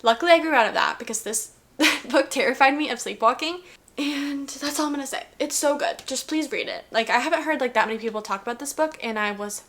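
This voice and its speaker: Chatty young woman with a high voice. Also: a little fast, a bit bright. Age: 20s. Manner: chatty, heavy use of "like", giggly. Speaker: book vlogger. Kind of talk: casual reading wrap-up chat.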